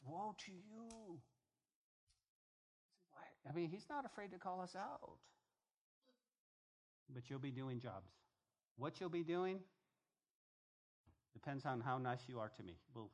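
A man's voice: medium pitch, lively intonation, normal speed, long pauses. An older man preaching a sermon, reading scripture aloud and breaking off into conversational asides and stories for his congregation. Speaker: pastor.

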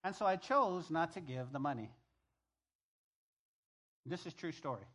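Animated middle-aged male pastor preaching. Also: fairly high pitch, measured pace. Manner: conversational, animated preaching with repeated phrases. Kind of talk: sermon.

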